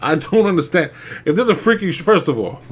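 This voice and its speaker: A man's voice: on the high side, very animated, fairly quick, breathy edge. Young man, casual movie reviewer, rambling and profane, laughs often.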